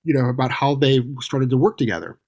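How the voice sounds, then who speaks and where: A man with a mid-range voice speaks as a guest in a casual interview. He talks in a measured way, often pausing on fillers. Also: medium pitch, darkish tone. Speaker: game designer guest.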